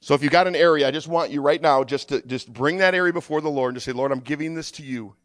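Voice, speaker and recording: A man with a fairly high voice leads a sermon and prayer, fervent and halting, stumbling over and repeating his words. The sound is dry and close, with almost no room around it. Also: no room sound. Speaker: pastor. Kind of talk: sermon with prayer and altar call.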